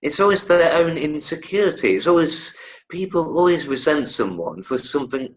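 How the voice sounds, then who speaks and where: A man's voice: on the high side, sing-song, moderate pace, rough recording. A man co-hosting a podcast, talking in a reflective, philosophizing way. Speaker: podcast co-host. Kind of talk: casual podcast chat.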